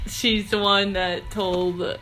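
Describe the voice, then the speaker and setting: A woman's voice: mid-range voice, flat delivery, takes it slowly, music in the background. A young woman co-hosting a podcast, chatting casually and rambling in a self-deprecating way while recapping a TV episode. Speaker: podcast co-host.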